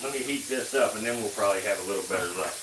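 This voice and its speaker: A man hosting a live reptile stream, coaxing snakes in low murmurs and then explaining to viewers. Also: racing. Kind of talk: casual live-stream talk while feeding snakes. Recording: roomy echo, faint background noise.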